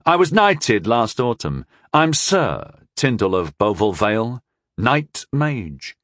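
A man's voice: mid-range voice, big pitch swings, moderate pace, no echo, studio quality, close to an everyday voice. A man voicing a cocky young male knight mage who talks in a smug, goading way.

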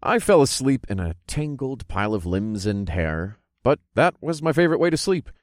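A man narrating a first-person fantasy audiobook with an expressive storytelling delivery. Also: mid-range voice, normal speed, dry recording, studio quality.

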